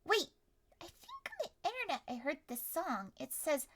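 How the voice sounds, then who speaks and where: A young woman leads a tabletop story game as its game master. Her voice sits high and bright and swings widely, and she keeps breaking into shouts and laughter. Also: normal speed. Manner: animated, bursts into yelling and laughter.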